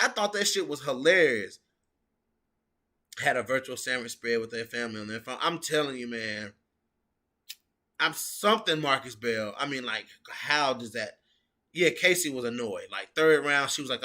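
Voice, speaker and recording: Bright-voiced man ranting about fights. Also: on the high side, moderate pace. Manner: animated, swearing, keeps saying bro. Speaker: MMA reaction streamer. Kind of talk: casual reaction commentary.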